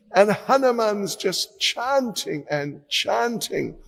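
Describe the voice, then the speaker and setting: A male monk telling a devotional story slowly and dramatically, acting out each character. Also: very high voice, gravelly, long reverb tail. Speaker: monk and preacher.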